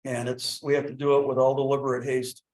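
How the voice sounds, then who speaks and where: A man's voice: mid-range voice, little pitch movement, fast, a little mellow, low-quality recording. Hesitant man at a village meeting. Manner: hesitant, many restarts and fillers. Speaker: village board member. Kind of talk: meeting discussion.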